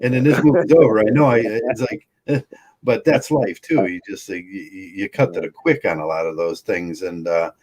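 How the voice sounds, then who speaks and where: A man with a fairly low voice hosts a casual chat. He talks in a relaxed, laid-back way and often just agrees with short replies. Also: normal speed.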